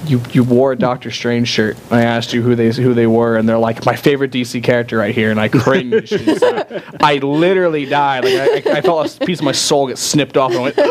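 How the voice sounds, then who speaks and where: A man's voice: sing-song, fairly quick. A man co-hosting a casual chat show, telling rambling stories and acting out the quotes. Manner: rambling, acts out quotes with jumps in pitch. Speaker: podcast co-host. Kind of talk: casual chat, animated storytelling.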